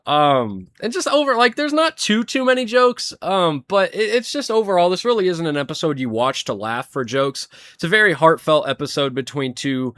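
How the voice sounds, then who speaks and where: A man's voice: on the high side, very animated, normal speed, hardly any pauses, fairly bright tone, no room sound, studio quality. A young man casually ranking cartoon episodes, rambling and swearing freely with frequent chuckles. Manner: rambling, profane, chuckles often. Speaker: show reviewer. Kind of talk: casual commentary.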